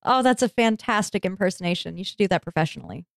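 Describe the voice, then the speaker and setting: A woman's voice: mid-range voice, animated, fast talker, gravelly, no echo, clean studio sound. A woman co-hosting a casual podcast, playful, laughing and frank. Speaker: podcast co-host. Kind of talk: casual chat.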